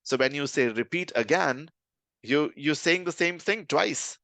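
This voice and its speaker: A man's voice: fairly high pitch, measured pace, gravelly, pushed and bright, no room sound. A man teaching a live online lesson, conversational and often checking in with his listeners. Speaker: communication trainer.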